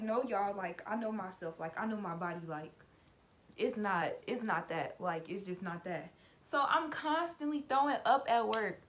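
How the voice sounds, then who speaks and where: A woman's voice: medium pitch, fairly bright tone. Chatty young woman telling a story. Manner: chatty, loose and conversational, full of "like" and "y'all". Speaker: vlogger. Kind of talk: casual story time.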